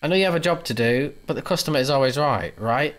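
A man's voice: medium pitch, quick pace, fairly bright tone, close to an everyday voice. A man voicing an erratic, obsessive male drifter in a horror game, pleading one moment and snapping the next. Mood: unhinged. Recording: mains hum behind.

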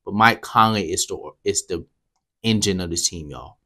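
A man giving a casual basketball commentary rant as a vlogger, talking straight to his viewers and swinging from low mutters to loud outbursts. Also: moderate pace. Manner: heated, talks straight to viewers.

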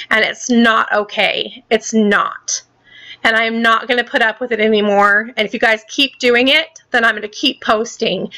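A woman's voice: on the high side, sharp tone. A woman hosting her own gaming channel, delivering a heated, angry rant full of swearing and repeated points. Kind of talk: angry ranting vlog.

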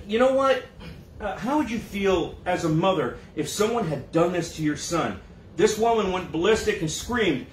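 A man's voice: fairly high pitch, slight background noise. A man preaching a casual sermon, now and then acting out quoted voices with a mocking lilt. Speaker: pastor. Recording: echoey room, mic at a distance.

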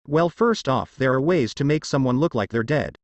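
A man voicing a blunt teenage boy ninja who fires back sharp, cursing retorts in a fanfiction reading. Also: mid-range voice, lively intonation, moderate pace, no room sound, highs cut off, close to an everyday voice. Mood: retorting.

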